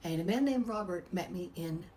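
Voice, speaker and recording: A woman's voice: fairly low pitch, animated, normal speed, mellow, a little hiss or hum, rough recording. A middle-aged woman, a massage therapist, chattily telling a personal story and acting out the voices she quotes. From United States.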